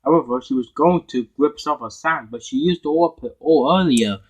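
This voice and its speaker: Guy narrating a toy train story, husky voice, keeps restarting his words. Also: a little high, a little mellow, low-quality recording. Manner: halting, frequent restarts.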